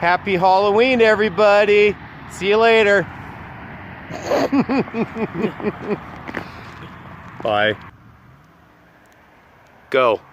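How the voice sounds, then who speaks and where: Guy vlogging in a cemetery at night, kinda high voice, keeps repeating himself, faint outdoor hum behind. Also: lively intonation, measured pace, pauses often, fairly bright tone. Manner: exclaims often, repeats short phrases. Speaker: vlog host. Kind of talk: handheld ghost-hunting vlog.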